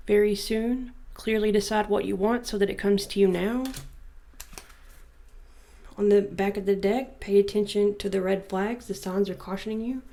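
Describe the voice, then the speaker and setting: A woman's voice: mid-range voice, fairly even intonation, normal speed, creaky, warm tone. A woman giving a casual tarot reading, reading card messages aloud and musing and joking between them. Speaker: tarot reader.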